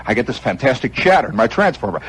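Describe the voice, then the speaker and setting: A man hosting a radio show, telling a long story in an animated way with chuckling asides and acted-out moments. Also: medium pitch, fast, heavy background noise. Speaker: radio host. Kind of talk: improvised storytelling monologue.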